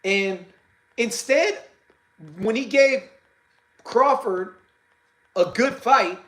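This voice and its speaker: A man hosting a casual boxing livestream, talking haltingly with many fillers and restarts and greeting viewers by name. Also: extremely high pitch, a bit bright, reverberant, low-quality recording. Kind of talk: casual live-stream talk.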